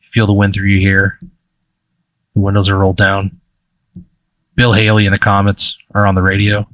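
Low-voiced man running a tabletop game. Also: completely flat delivery, fairly bright tone, no room sound. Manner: casual, halting, lots of fillers. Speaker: game master.

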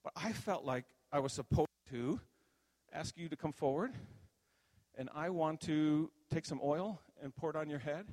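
An older man, a minister, giving a conversational sermon testimony and telling stories that grow animated at the high points. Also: normal speed, long reverb tail.

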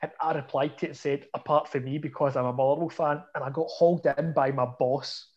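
A man's voice: fairly high pitch, fairly even intonation, fairly quick, darkish tone. A young Scottish man telling a story in a chatty, self-mocking way. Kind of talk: casual storytelling. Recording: dull lo-fi audio.

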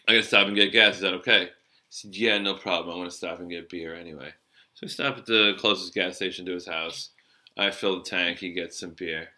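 A middle-aged man with a strikingly bright, forceful voice, telling an animated cab-driving story. He sits a little low in pitch, and his talk is loose and sprinkled with swearing. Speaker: storyteller, former cab driver. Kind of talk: casual storytelling chat.

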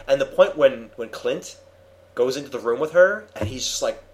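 A man hosting a casual comics discussion, retelling a story with animated enthusiasm and many restarts. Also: mid-range voice, normal speed, a little hiss or hum. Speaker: podcast host reviewing comics. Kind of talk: casual chat.

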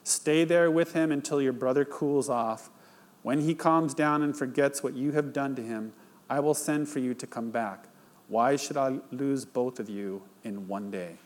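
A man's voice: mid-range voice, measured pace, darkish tone. A male pastor preaching, reading a scripture passage aloud and retelling it in plain storytelling before drawing the lesson. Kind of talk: sermon.

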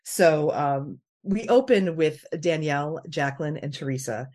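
A woman hosting a podcast in casual chat, talkative and quick to laugh, with frequent fillers and restarts. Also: low voice, darkish tone. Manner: chatty, laughs often, many fillers and restarts. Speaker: podcast host.

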